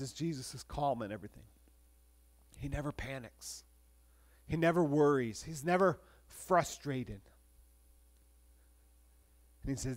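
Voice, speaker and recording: A male pastor preaching a sermon in a conversational way, with restarts, moving between lively and hushed delivery. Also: on the high side.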